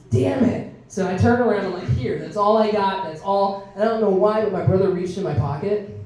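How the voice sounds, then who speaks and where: Woman stand-up comic, animated storyteller, mellow tone, recorded from far off in an echoey club. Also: medium pitch, a little hiss or hum. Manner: animated, acts out quoted voices. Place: comedy club stage.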